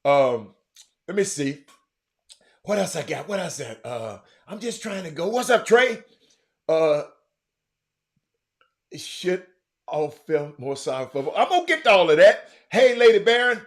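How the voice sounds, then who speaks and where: A man hosting a casual livestream, reading viewer comments and greeting people by name in an animated, loose way. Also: a little high, a little slow, long pauses. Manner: animated, shouts out viewers by name, drifts off-mic. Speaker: livestream host.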